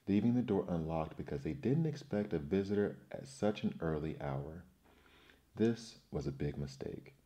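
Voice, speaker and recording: Deep-voiced man reading a children's story. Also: mellow.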